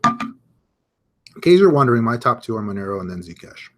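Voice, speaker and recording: A man hosting a live crypto market stream, giving casual chart commentary, chatty and thinking out loud as he reads viewer comments. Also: medium pitch, big pitch swings, moderate pace.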